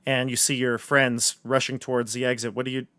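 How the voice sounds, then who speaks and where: A man running a tabletop game as game master, narrating the scene in a relaxed way and often restarting his sentences. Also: medium pitch, fairly quick, no echo.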